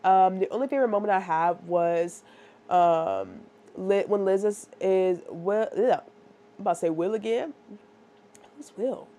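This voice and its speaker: A woman's voice: medium pitch, measured pace. A woman giving a casual, rambling book review, talking animatedly and constantly checking in with her listeners. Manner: animated, rambling, lots of "like" and "right?".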